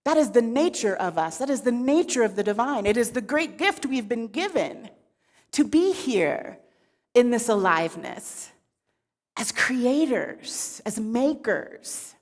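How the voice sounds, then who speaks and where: Woman minister, sermon, relaxed, conversational, unhurried, reverberant hall. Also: on the high side. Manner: relaxed and conversational, with frequent asides. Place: church sanctuary.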